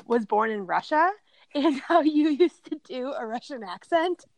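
Creaky-voiced young woman co-host. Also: sits high, expressive, unhurried, darkish tone, no room sound. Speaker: podcast co-host. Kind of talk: casual chat.

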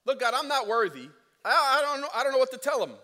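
A man's voice: very high voice, sing-song, fast, bright, forceful tone, voice pushed up, full character voice. A man voicing Moses as a frightened, stammering man pleading with God. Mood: panicked pleading. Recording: echoey hall.

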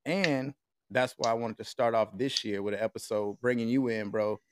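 A man's voice: medium pitch, normal speed, slight background noise. An American man hosting a podcast remotely, talking in a laid-back, slangy way with lots of fillers. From United States. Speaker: podcast host. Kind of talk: casual podcast chat. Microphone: remote call with a mixer.

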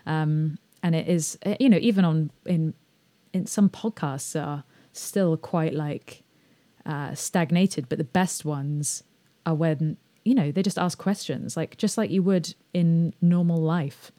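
A woman with a somewhat low voice hosts a relaxed podcast chat. She hesitates a lot, restarts her sentences and laughs easily. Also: unhurried. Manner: hesitant, laughs often, many fillers. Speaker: podcast host. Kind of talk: casual conversation.

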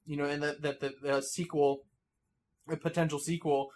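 A man's voice: fairly high pitch, little pitch movement, normal speed, darkish tone. A man co-hosting a casual podcast, talking through his opinions with many restarts and repeated words. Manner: hesitant, repeats words when giving opinions. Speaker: podcast co-host. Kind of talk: casual chat.

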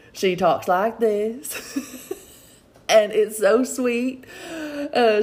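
Medium-pitched and a little mellow, a middle-aged woman's voice carries her motivational solo podcast. She's a chatty, encouraging host who refers to her audience as "y'all."

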